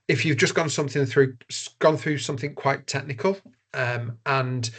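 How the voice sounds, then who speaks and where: A man giving an online masterclass as a voice and media trainer, talking in an earnest, conversational way with frequent ums and restarts. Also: mid-range voice. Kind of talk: online presentation-skills masterclass. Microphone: video call.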